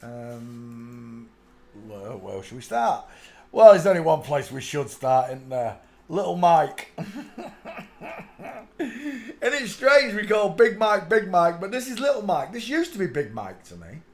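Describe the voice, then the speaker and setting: A man's voice: fairly high pitch, big pitch swings, slow pace, darkish tone. A man from England with a Northern English accent, hosting a casual livestream and chatting, humming and muttering to himself while he works. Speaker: livestream host.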